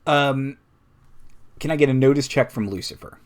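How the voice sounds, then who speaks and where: A man's voice: medium pitch, moderate pace. A man running a tabletop game as game master, describing scenes with lots of fillers.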